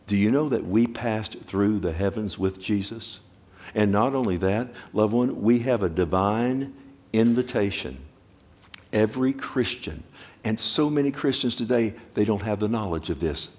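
A man with a somewhat low voice delivers a sermon. He swings from hushed, quickened asides to loud, drawn-out exclamations. He keeps asking his listeners questions. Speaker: preacher.

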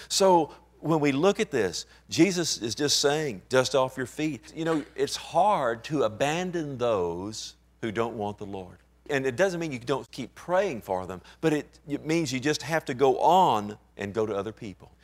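A male pastor preaching a sermon in a conversational way, dropping to quiet asides and rising to emphatic, near-shouted points. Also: medium pitch.

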